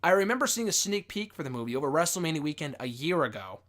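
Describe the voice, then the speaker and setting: Man, casual spoken review, lively rising and falling pitch, bright forceful tone, swears a lot, getting over a cold. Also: quick pace. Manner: rambling, profane, lots of fillers and restarts. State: recovering from a cold. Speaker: wrestling show host reviewing a film.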